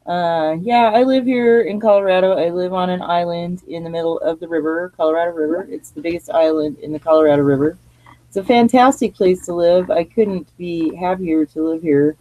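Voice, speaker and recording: A woman's voice: lowish voice, brisk, warm tone, no room sound, poor audio. A woman hosting a live radio show from her living room, talking in a rambling, chatty way and laughing at herself as she goes. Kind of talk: casual live radio chat.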